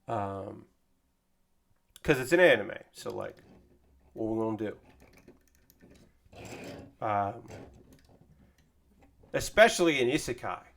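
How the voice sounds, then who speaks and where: A man's voice: on the low side, lively intonation, slow, creaky, pauses often, fairly bright tone. A man hosting a casual live stream, chatting in a rambling way with many fillers while he assembles a model kit. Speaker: streamer building model kits.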